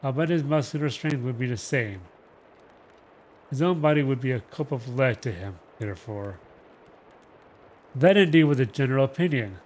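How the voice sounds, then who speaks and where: A man reading a novel aloud on a livestream, dramatic and slow with shifting emphasis. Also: mid-range voice, animated, a little mellow. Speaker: reader.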